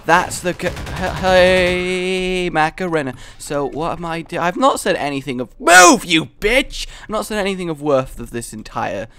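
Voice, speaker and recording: A man's voice: a little high, animated, a little fast, hardly any pauses, a bit bright, dry recording. A man giving rambling, silly, self-mocking gameplay commentary. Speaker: game commentator.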